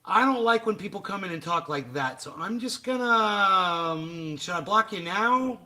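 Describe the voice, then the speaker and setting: A high, animated male voice at a normal pace, pushed and bright, belongs to a livestream host. He rants bluntly and profanely in a casual stream while chatting with viewers in the live chat.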